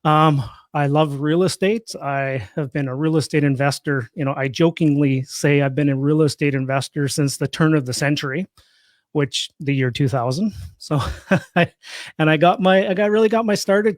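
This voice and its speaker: A real estate investor in his fifties from Saskatchewan, Canada, with a Canadian accent, is a guest in a casual interview, chatty, joking and self-deprecating. His voice is on the high side, steady in tone at a moderate pace, with clean, echo-free studio sound.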